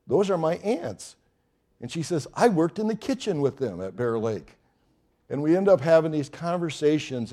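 A middle-aged man, a pastor, preaching a sermon and telling a story with growing excitement. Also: medium pitch. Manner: storytelling, animated with rising excitement.

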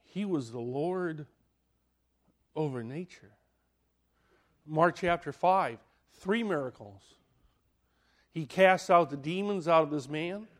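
High-voiced man preaching a sermon slowly. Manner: dramatic, swinging from loud to hushed; asks the listeners questions.

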